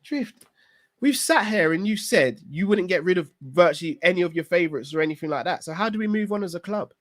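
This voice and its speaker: Man, high voice, blunt, insistent, heated casual debate. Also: expressive, a little fast. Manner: blunt, insistent, repeats "bruv". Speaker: pundit in a fan call-in show.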